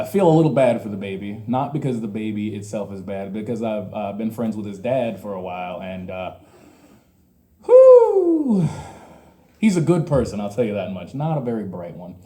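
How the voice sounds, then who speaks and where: Young man, stand-up comedian, crude ranting humor, self-mocking, mellow voice, lively pitch. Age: 20s. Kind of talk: open mic stand-up. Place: small comedy venue.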